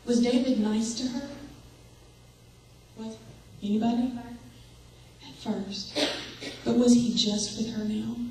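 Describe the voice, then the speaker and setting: A woman's voice: fairly high pitch, darkish tone, a little hiss or hum. A young adult woman giving an earnest sermon to an audience, asking them direct questions. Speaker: speaker. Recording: echoey hall, voice from far off.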